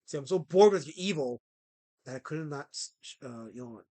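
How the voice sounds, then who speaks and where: A man hosting a livestream, ranting at his chat in a theatrical, mock-indignant way and swinging between loud outbursts and low mutters. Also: lively intonation, normal speed. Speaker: livestream host.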